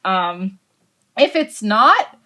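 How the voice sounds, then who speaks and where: A woman's voice: medium pitch, very animated, very slow, sharp tone. A woman guest on a podcast, casually chatting and explaining technical details with amusement. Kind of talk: casual chat.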